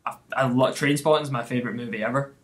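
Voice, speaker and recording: A man's voice: medium pitch, steady tone, a bit bright. A man in his twenties with a Scottish accent, chatting casually and enthusiastically as a podcast co-host. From Scotland. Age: 20s. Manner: chatty and enthusiastic, quick laughs. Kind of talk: casual chat.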